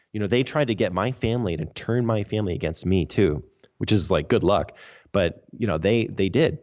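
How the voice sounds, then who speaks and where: Low-voiced guy on a podcast telling his story, earnest and emphatic, kinda muffled lo-fi sound. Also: a little mellow. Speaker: podcast guest. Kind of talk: casual interview storytelling. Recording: dull lo-fi audio.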